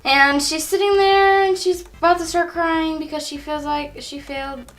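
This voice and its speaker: A woman's voice: high-pitched, fairly even intonation, moderate pace, fairly bright tone, faint music behind, poor audio. A woman narrating her turn of a story while drawing, easygoing and chuckling at her own slips. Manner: easygoing, chuckling, self-correcting. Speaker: co-host continuing a drawn story.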